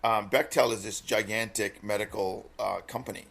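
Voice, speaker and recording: A man who grew up in Minnesota, co-hosting a podcast and telling a personal story in an earnest, halting way with many fillers. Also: medium pitch, creaky. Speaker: podcast co-host. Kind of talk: casual podcast chat.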